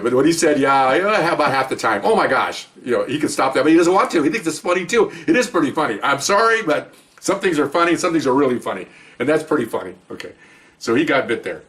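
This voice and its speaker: An older man, a retired police officer, casually telling anecdotes, animated and chuckling, talking in fits and starts. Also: mid-range voice, distant mic.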